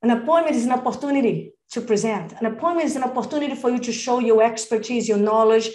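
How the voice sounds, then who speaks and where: Energetic female sales coach, emphatic, addresses people as "darling", on an echoey video call. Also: fairly high pitch, fast talker, few pauses. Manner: energetic, emphatic, calls attendees by name and "darling"; acts out phone calls and client dialogue. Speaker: real estate business coach. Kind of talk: live coaching session over video call.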